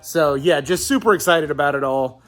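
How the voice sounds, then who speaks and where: A man's voice: fairly high pitch, moderate pace, dry recording. A man vlogging while fishing outdoors at a pond, talking casually and exclaiming a lot. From southeastern Virginia, US. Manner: excitable, exclaims repeatedly. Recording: faint music in the background.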